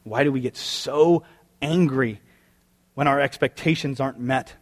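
A man's voice: medium pitch, a little slow. A man preaching a sermon as pastor, conversational and wry, firing off rhetorical questions.

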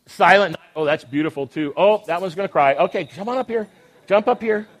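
High-voiced upbeat man coaxing children. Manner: upbeat and coaxing, teasing the kids, quick laughs. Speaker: leader of a children's church Christmas program. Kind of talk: lively emcee talk to children on a stage. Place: church stage with children around.

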